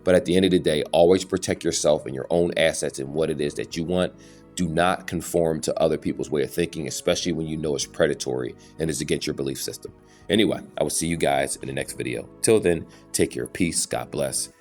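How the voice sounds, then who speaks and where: A man with a very low voice gives an earnest, preachy monologue to his viewers, stumbling and restarting now and then. Faint music plays softly behind him. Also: fast. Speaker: YouTube channel host. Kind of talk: casual opinion monologue.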